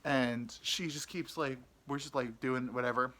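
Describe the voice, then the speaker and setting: Young man, casual comic storytelling, rambling, crude, lots of "like" fillers, bright tone, middle pitch. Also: fairly even intonation, normal speed. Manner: rambling, crude, full of "like" fillers, acts out quotes. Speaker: podcast storyteller.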